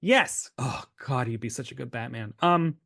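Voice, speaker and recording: A man co-hosting a podcast, recapping a TV episode in casual chat, animated and laughing as he acts out the characters' lines. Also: medium pitch, moderate pace, creaky, dry recording, clean studio sound. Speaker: podcast co-host.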